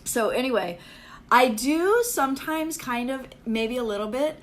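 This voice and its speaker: A woman's voice: high voice, animated, measured pace, slight background noise. A woman hosting a casual live chat with viewers, rambling and self-deprecating, with a Valley-girl way of talking full of "like" fillers. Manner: self-deprecating, chatty and upbeat. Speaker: livestream host.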